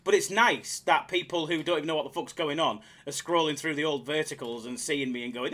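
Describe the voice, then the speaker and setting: A man chatting casually on his live slots stream, excitable and self-mocking, swearing freely as he reads the chat. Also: fairly high pitch, a little fast, hardly any pauses.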